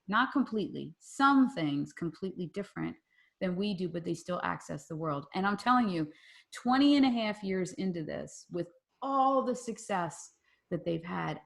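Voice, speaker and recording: A woman in her forties hosting a group call, telling a personal story in a lively way and acting out the voices in her quotes. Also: on the low side, creaky. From Philadelphia area. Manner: animated, acts out voices in quotes. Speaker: mastermind group host.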